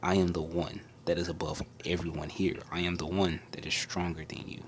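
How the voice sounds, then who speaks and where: Man doing arrogant young hero, deep boastful voice, plain storytelling. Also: little pitch movement, brisk, a little hiss or hum. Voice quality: deeper, loud declaring.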